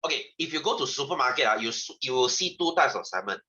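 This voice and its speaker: A science teacher gives a chatty classroom lecture, asking his students questions and repeating himself. His medium-pitched voice is animated, fast, bright and forceful, though the recording sounds muffled.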